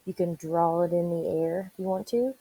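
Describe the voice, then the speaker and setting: A woman teacher leading an online reading lesson for young children, spelling words out slowly and encouraging them. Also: on the low side, dark tone, slightly rough, no room sound, low-quality recording. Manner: encouraging, slow and deliberate spelling aloud.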